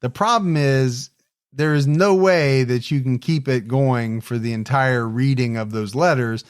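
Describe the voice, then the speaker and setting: Man, podcast co-host, casual chat, easygoing, mid pitch. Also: measured pace, clean tone.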